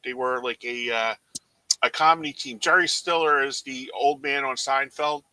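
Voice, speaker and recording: A man's voice: mid-range voice, fairly even intonation, normal speed, bright, forceful tone, no echo, low-quality recording. An American man from Philadelphia chatting casually about TV shows, hesitant and full of fillers. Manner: hesitant, filler-heavy recommending.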